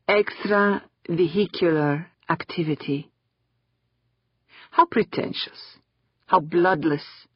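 A narrator of mid-range pitch reads steadily, plainly telling the story. The sound is dry, close and a bit dull, with no room around it. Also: no room sound. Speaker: audiobook narrator. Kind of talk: scripted narration.

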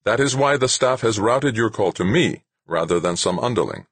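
Man reading as a polite young executive, gracious and solicitous, raised husky voice, dry sound. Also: lowish voice, expressive, moderate pace, fairly bright tone, no room sound, pitched above the performer's own voice, exaggerated voice. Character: young male executive's son, polite and unreadable.

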